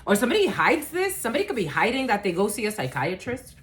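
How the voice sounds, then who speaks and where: A woman talks through a collective tarot reading in a loose, chatty way, her pitch rising and falling a lot. She curses casually and fills her pauses with "uh" and "okay.". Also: very animated, fairly bright tone, slight background noise. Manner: chatty, swears casually, many fillers. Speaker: tarot reader.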